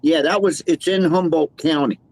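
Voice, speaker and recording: A man's voice: fairly high pitch, fairly even intonation, moderate pace. A man chatting on a livestream who rambles and stops to correct himself. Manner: rambling, hesitant. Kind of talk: casual chat.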